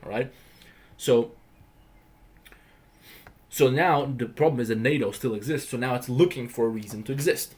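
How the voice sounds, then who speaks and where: A man from the Balkans hosts a casual livestream, firing off quick, blunt answers peppered with swearing. He talks fast and with heavy emphasis, pushing his opinions hard. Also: medium pitch, a little mellow. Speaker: livestream host.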